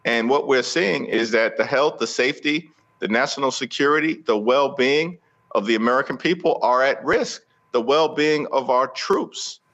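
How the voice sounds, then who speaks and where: Man, guest politician, forceful, rhetorical, slightly dull remote audio. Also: medium pitch. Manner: forceful, rhetorical, speech-like cadence. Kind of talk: political interview.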